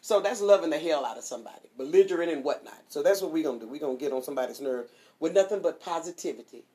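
A woman hosting a streaming devotional show, chatting casually and giving shout-outs before a Bible reading. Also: low-pitched. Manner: animated and chatty, swoops up on exclamations.

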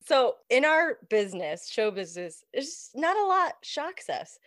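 A woman's voice: high voice, big pitch swings, unhurried, fairly bright tone. A woman hosting an interview podcast in casual chat. She reacts with exclamations and swaps in her own stories. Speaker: podcast host.

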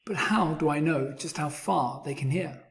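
A man voicing a big, gruff male bear in a storybook read-aloud, grumbling and scornful. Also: on the high side, moderate pace.

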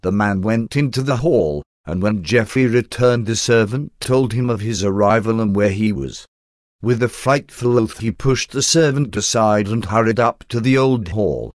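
Male narrator for a gothic audiobook, low voice, dry close-mic sound, measured delivery. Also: dry recording. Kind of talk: audiobook reading of a gothic tale.

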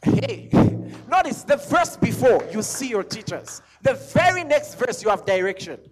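A man's voice: very high-pitched, very animated, unhurried, over music. A man preaching a sermon as a pastor, driving his points home with repeated questions and sometimes lifting scripture into a chant. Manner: emphatic, repeats lines, sings scripture.

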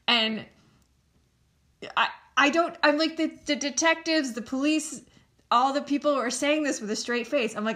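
A woman's voice: a little high, normal speed, a bit bright. A young woman hosting a solo podcast, chatting in a candid, rambling way and swearing now and then. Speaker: podcast host. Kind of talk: solo casual chat.

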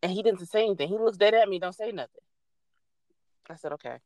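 A young adult woman casually telling a story, animated and swearing freely as she acts out what people said. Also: mid-range voice, fast, no room sound.

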